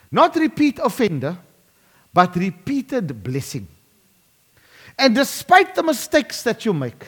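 Animated preacher man. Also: a little high. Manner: emphatic preaching with dramatic slowdowns. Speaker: pastor. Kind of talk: sermon.

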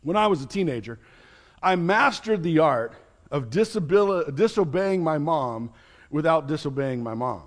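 A man's voice: a little high, lively intonation, normal speed. A man, a pastor, preaching a sermon in an earnest, explanatory teaching manner with light chuckles.

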